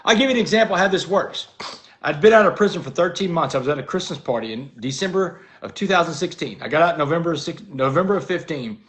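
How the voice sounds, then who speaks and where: A man's voice: on the high side, lively intonation, fast, a bit bright. A man, a guest in an interview, telling a personal story earnestly and often dropping "man" into his talk. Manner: earnest, keeps saying "man".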